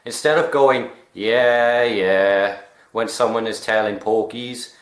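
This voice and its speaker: A man's voice: medium pitch, moderate pace, roomy sound. A young man from Wales with a Welsh accent, chatting casually about local slang, rambling, swearing and poking fun at himself. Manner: rambling, self-mocking, swears and laughs at himself. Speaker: vlogger.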